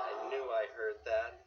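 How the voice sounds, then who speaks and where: An actor playing a goofy, easygoing boyfriend in a sitcom. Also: male voice, on the low side. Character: goofy adult man, sweet on his girlfriend. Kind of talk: sitcom acting. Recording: dull noisy TV clip audio.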